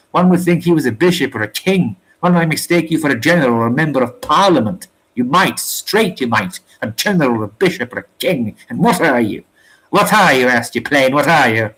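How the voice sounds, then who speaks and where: Cocky brawling sailor read by a man, scornful put-downs, rough slang, mid-pitched, storybook reading. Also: a bit bright, poor audio.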